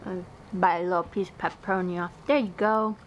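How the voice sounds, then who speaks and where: A woman's voice: lowish voice, fairly even intonation, a little fast, dull audio, a little hiss or hum. A woman vlogging, talking playfully to her dog in a sing-song baby-talk voice.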